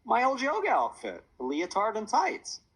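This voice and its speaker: A man voicing a playful, energetic mother of three who teases her kids. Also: high-pitched, moderate pace, slightly rough, pitched above the performer's own voice, full character voice, poor audio. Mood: teasing. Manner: teasing, upbeat, bossy.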